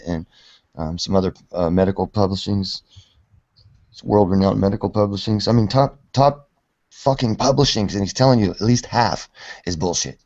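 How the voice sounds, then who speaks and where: A man with a lowish voice rambles through his points in a casual online chat, swearing and restarting often. His sound is dull, like a video call. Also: a little mellow. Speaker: guest in discussion. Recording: dull web call audio.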